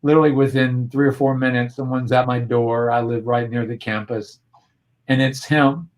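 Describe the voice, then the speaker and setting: A man's voice: medium pitch, fairly even intonation, normal speed. Earnest man telling a personal story. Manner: earnest and reflective, with frequent restarts. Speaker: guest. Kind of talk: personal storytelling in a video-call interview. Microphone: video call.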